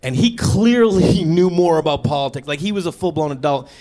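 Animated high-pitched stand-up comedian. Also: male voice, fairly quick. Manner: animated storytelling, acting out both sides of conversations. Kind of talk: stand-up set before a live audience. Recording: stage recording with audience laughter.

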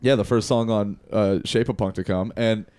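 Male podcast host, relaxed tone, dry mic, chatty and loose. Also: fairly low pitch, normal speed, clear, resonant tone, no room sound. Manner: rambling, laughing, lots of fillers. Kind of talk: casual chat.

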